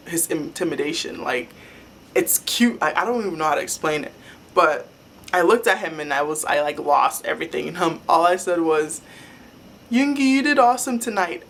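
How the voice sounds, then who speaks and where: Young adult woman, chatty fan vlogger, excitable and rambling, a little noise behind her. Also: fairly low pitch. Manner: rambling and excitable, many "like" fillers. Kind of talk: casual fan storytelling.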